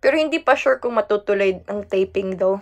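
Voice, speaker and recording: A woman's voice: medium pitch, expressive, quick pace. A young Filipino woman chatting on a live stream, reading comments aloud, giggling and mixing Tagalog with English. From Philippines.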